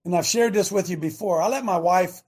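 Man, high voice, husky, fiery preaching talk, emphatic, rhetorical questions. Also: brisk, a little mellow. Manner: emphatic, rhetorical, drawing out key words. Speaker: radio show host.

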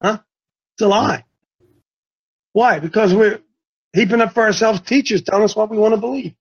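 Brief: defiant sermon voice, repeats lines, breathy texture, muffled recording. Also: mid-range voice, normal speed. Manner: mocking, blunt, repeats points. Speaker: preacher. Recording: dull lo-fi recording.

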